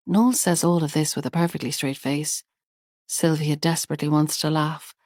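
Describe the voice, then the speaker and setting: A woman narrates an audiobook in a calm and measured way. Her voice sits on the low side. She is recorded close on the mic in a completely dry space. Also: no echo.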